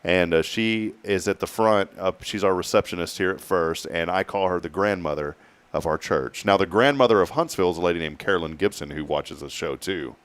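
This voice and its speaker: A man's voice: deep voice, fairly quick, a bit bright, clean tone. Chatty man hosting a morning show. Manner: chatty, rambling, jokey. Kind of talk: casual morning show chat.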